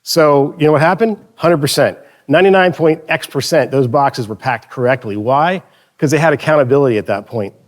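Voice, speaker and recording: This man's voice is slightly high and moves at a fairly quick clip. Delivering a conference talk on stage in front of an audience, he tells casual, jokey anecdotes and frequently starts over mid-thought.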